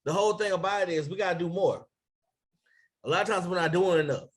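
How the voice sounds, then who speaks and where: A man coaching his team over a live stream, his voice sitting a little high for a man. He talks with lively energy, keeps asking viewers to post in the comments and shouts people out by name. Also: fast. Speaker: business coach.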